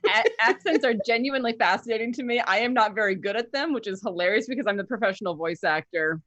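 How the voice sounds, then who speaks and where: A woman's voice: on the high side, animated, fast, fairly bright tone. Chatty woman on a dull lo-fi mic. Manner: chatty, enthusiastic, with stammered starts. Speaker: professional voice actor, player. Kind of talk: casual chat at a gaming table.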